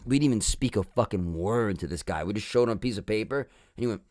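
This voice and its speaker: A man's voice: on the low side, fast, a little mellow. A young man co-hosting a podcast, telling a rambling story full of swearing and fillers in casual chat. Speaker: podcast co-host.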